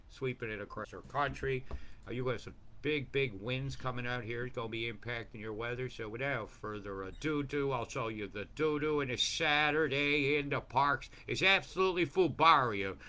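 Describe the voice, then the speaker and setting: A man giving a rambling, profane commentary over weather maps, swinging between mumbled asides and loud rants. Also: medium pitch, a little hiss or hum. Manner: profane, ranting, jumps between mumbling and bursts.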